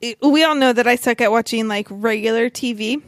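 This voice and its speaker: A woman co-hosting a casual podcast, telling a story in a relaxed way with small giggles. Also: on the high side, a little fast, dry recording, clean studio sound. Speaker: podcast co-host. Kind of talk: casual chat.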